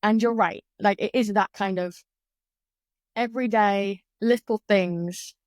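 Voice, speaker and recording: A woman talking as a guest on a podcast. She explains things in an animated, candid way and swears casually. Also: mid-range voice, a little slow, no room sound, studio quality. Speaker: guest, yoga teacher. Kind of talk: conversational podcast interview.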